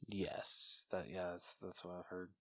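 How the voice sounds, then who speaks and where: Low-voiced young man agreeing along. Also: fairly even intonation, unhurried, fairly bright tone, no room sound, clean studio sound. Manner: agreeable, short affirming replies. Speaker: podcast co-host. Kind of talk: casual film review chat.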